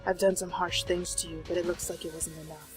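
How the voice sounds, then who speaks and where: A woman reading as a hushed, possessive young man. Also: a little fast, faint music behind, natural voice. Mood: cold, possessive. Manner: soft, low and hushed, with calm intensity. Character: possessive, obsessive young man, quietly menacing. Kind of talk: reading visual novel dialogue aloud.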